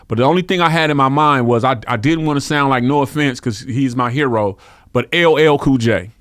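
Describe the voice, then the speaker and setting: A man's voice: mid-range voice, moderate pace, fairly bright tone, no echo, studio quality. A middle-aged man from Vallejo, California, a rapper guest telling stories in a laid-back, streetwise way, peppered with "you feel me.". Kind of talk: casual interview storytelling.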